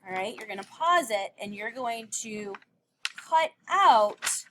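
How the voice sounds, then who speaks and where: A woman's voice: mid-range voice, lively intonation, moderate pace, pushed and bright, slight background noise. A woman teacher giving a recorded phonics lesson to young children, patiently sounding out letters and words.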